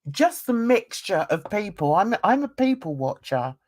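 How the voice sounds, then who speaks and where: A woman's voice: mid-range voice, big pitch swings, unhurried, a little mellow. A middle-aged English woman, an artist hosting a casual video chat, rambling and laughing often. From England. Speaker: artist and channel host.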